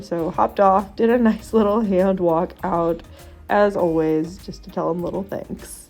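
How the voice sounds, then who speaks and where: A woman's voice: lowish voice, normal speed, darkish tone. A woman horse rider narrating her vlog in a chatty, self-deprecating way, over background music.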